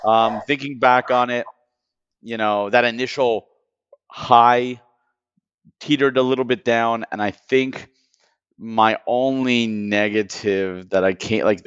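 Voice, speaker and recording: A man's voice: lowish voice, fairly even intonation, takes it slowly, long pauses, smooth, no echo, highs cut off. A man co-hosting a podcast, chatting casually and with feeling about a film, often repeating himself. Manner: enthusiastic, emotional, repeats words. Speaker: podcast co-host.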